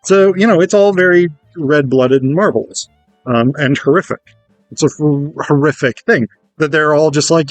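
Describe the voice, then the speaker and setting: A man giving a casual, animated lecture on theatre, chatty and casually profane. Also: fairly high pitch, moderate pace, dry recording, soft background music. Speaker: theatre educator.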